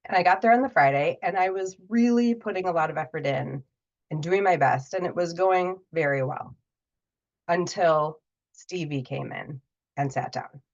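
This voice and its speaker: A woman tells a personal story in a relaxed, conversational way. Her voice sits a little low, and she livens up when she voices the people in it. The audio is dull and muffled. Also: normal speed. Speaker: podcast guest, storyteller.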